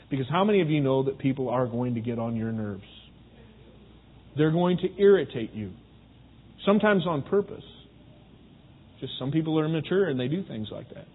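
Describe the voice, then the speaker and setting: A man preaching a sermon, talking easily to his congregation and often asking them questions. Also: fairly high pitch. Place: church sanctuary. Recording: phone-like, with long hall reverb.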